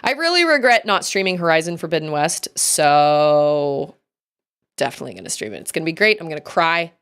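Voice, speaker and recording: A woman's voice: low-pitched, big pitch swings, a little fast, a bit bright, clean tone. A woman streaming a game, ranting in casual chat and mocking others in sing-song voices.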